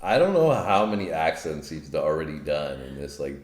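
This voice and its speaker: Reaction host, male, very deep voice, casual hype, roomy echo. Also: normal speed, a little hiss or hum. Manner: relaxed, enthusiastic, says bro and like. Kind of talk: casual chat. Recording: echoey room.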